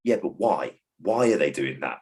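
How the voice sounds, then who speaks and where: A man's voice: a bass voice, expressive, moderate pace, darkish tone. A man who works as a behaviour support trainer, talking in a reflective, digressive way on a podcast and acting out phrases as he goes. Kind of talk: podcast conversation.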